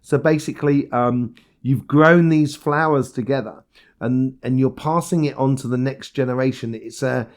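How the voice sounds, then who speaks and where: A man's voice: mid-range voice, moderate pace. Rambling male tarot reader. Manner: meandering, with many fillers and restarts; encouraging, speaks straight to the listener. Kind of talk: casual weekly tarot reading.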